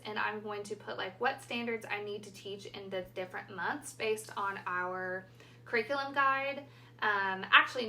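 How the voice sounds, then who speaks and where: A woman teacher chatting casually and gushing excitedly while unboxing on her vlog. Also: mid-range voice. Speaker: teacher and vlogger. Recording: echoey room with faint ambient noise.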